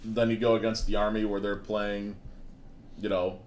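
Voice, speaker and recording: Man, lowish voice, tired, laid-back, casual gaming chat. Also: flat delivery, moderate pace, a little mellow, a little hiss or hum. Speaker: co-host.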